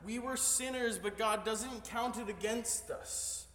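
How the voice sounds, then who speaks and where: A male pastor preaching a sermon, moving between hushed storytelling and rising, emphatic preaching. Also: sits high, slow. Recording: echoey hall, voice heard from a distance.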